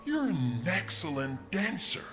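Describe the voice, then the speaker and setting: A woman's voice: on the low side, sing-song, unhurried, over music. A woman voicing a playful, upbeat young companion in a video game, cheerful and teasing.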